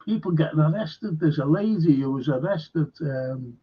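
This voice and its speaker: Older Liverpool man, husky and blunt. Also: on the high side, animated, moderate pace. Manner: rambling, blunt, swears freely. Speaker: host. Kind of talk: casual live-stream chat. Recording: dull lo-fi stream audio.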